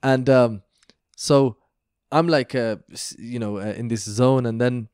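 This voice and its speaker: A young man, a podcast guest, telling stories in a lively, chatty way, full of slang and fillers. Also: mid-range voice, measured pace, clean tone, dry recording, clean studio sound. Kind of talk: animated storytelling in casual chat.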